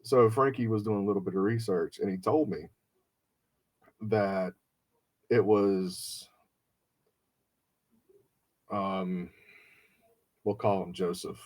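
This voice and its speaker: A man on a podcast tells a long story in casual, profane chat. His voice sits a little low, and he switches into his friends' voices when he quotes them. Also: takes it slowly, pauses often. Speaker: podcast host.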